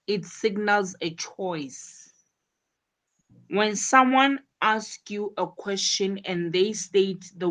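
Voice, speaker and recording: Woman, English teacher, unhurried delivery, repeats herself, explanatory lesson. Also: medium pitch. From South Africa. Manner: repeats words and phrases while explaining.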